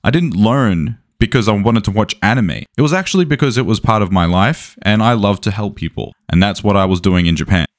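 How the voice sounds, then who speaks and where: A man's voice: lowish voice, brisk, hardly any pauses. Argumentative man lecturing a rival. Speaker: commentator. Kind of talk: debate rebuttal.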